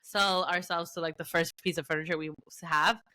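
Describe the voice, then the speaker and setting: A woman telling animated stories on a casual podcast, laughing through them. Her voice is bright and forward. It is recorded close and dry, with no room sound. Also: fairly low pitch, brisk, no room sound. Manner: animated storyteller who laughs often. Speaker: podcast co-host. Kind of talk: casual chat.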